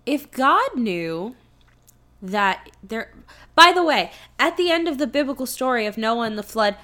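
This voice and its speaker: Woman podcast co-host with a slightly high voice, casual and profane, animated, acts out quotes. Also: unhurried. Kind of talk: casual chat.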